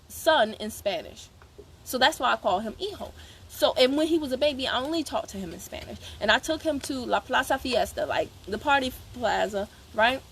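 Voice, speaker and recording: A woman's voice: sits high, slight background noise. A woman from Georgia gives an emphatic, chatty motivational talk to her sales team on a live stream. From Savannah, Georgia, USA. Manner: emphatic, repetitive, chatty with asides to viewers. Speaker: network marketing seller coaching her team.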